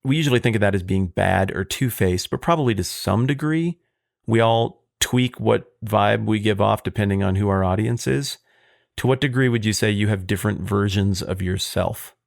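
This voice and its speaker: A man co-hosting a podcast, talking with dry, wry humor. His voice is low with a strong gravelly grain. The sound is close and dry, without room echo. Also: moderate pace. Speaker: podcast co-host. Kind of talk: casual conversation.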